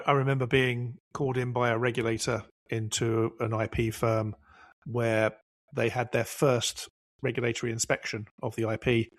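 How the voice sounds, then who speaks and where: A man's voice: mid-range voice, dry recording. A man hosting a professional podcast discussion, telling anecdotes and driving points home with repetition. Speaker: podcast host.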